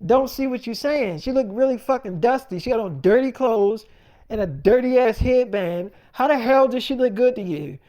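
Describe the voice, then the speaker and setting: A man voicing his pregnant girlfriend in a retold argument, scolding and swearing with sharp, needling jabs. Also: extremely high pitch, animated, normal speed. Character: sharp-tongued jealous pregnant girlfriend, young woman.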